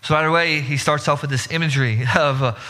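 A man's voice: fairly high pitch, fairly even intonation, quick pace, pushed and bright. A man preaching a sermon in an earnest way, often repeating words and restarting his sentences. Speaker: pastor. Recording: long hall reverb.

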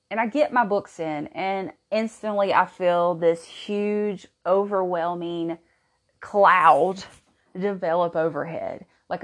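Woman in her thirties, podcast host, earnest and chatty, slightly low voice. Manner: earnest, chatty, with frequent restarts and laughs. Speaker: podcast host, homeschooling mother. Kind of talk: casual personal storytelling monologue.

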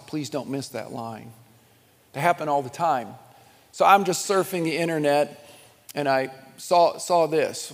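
A middle-aged man preaching a sermon, telling stories in a conversational, animated way with chuckles and restarts. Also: fairly high pitch, big-room sound. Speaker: pastor.

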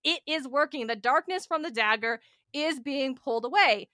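Bright, high-voiced young woman chatting. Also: no echo, studio quality. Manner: animated, acts out characters' lines in quick shifting voices. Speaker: podcast co-host. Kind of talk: casual chat.

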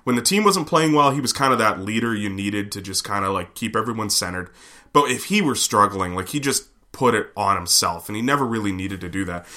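Give me a man on a podcast, telling a story in a lively, swinging voice and swearing a lot. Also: on the low side, fairly quick. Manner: animated, profane, rambling with fillers. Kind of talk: casual storytelling.

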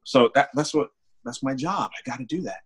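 A man's voice: mid-range voice, brisk, breathy edge. A young man, a security guard and author, telling a story casually in an interview and livening up when he quotes people. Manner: relaxed, animated when quoting people.

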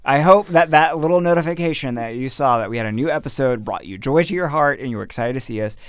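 A man's voice: medium pitch, quick pace, smooth, no room sound. A man hosting a casual podcast, chatting upbeat with co-hosts and signing off the episode. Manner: upbeat, chatty, signs off the show. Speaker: podcast host.

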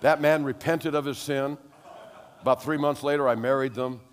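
An older man preaching a sermon as pastor, telling animated stories that rise to loud exclamations. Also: medium pitch, moderate pace, in a large hall, slight background noise.

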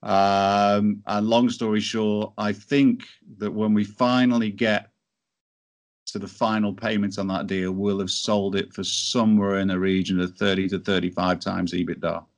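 Guy, lowish voice, rambly chatty storytelling, lots of "you know". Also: level tone, a little slow. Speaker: entrepreneur guest. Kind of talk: casual storytelling interview.

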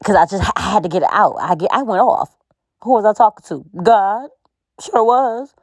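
A woman's voice: medium pitch, expressive, normal speed, husky, dry recording, studio quality. A woman hosting a podcast, giving an encouraging faith-based pep talk in a conversational, preachy way with frequent laughs. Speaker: podcast host.

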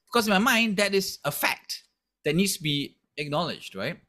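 A man's voice: high-pitched, sing-song, normal speed, pushed and bright. A man co-hosting a casual comedy podcast who talks earnestly and reflectively, with lots of "you know" and "right".

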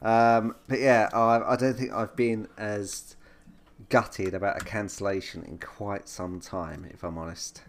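A man's voice: on the low side, steady tone, unhurried. A man co-hosting a podcast in casual chat, hesitant and stumbling over his words. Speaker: podcast co-host.

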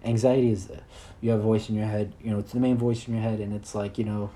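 A man's voice: fairly low pitch, flat delivery, fast, warm tone. A man in his early twenties hosting a solo podcast, rambling in a crude, self-deprecating way. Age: 20s. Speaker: podcast host.

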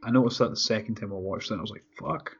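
A husky, low-leaning male voice rattles along very fast in a casual podcast movie commentary. He swears constantly, laughs often, and animatedly replays scenes, and the lo-fi audio is dull with music faintly audible.

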